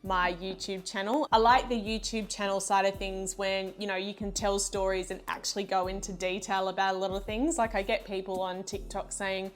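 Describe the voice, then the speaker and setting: An Australian woman from Western Australia talks in a relaxed, lighthearted way, filling her answers with ums and you knows. She sounds like a guest in a casual online interview about her hobby. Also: medium pitch, moderate pace, hardly any pauses. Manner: chatty, lighthearted, many fillers. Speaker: guest, reef aquarium YouTuber. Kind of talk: casual video-call interview.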